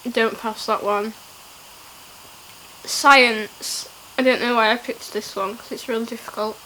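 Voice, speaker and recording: A woman's voice: a little high, steady tone, a little slow, bright, forceful tone, slight background noise, rough recording. A young woman vlogging in a casual, playful and giggly way, often laughing at herself. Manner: giggly, playful, self-mocking. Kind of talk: casual challenge vlog.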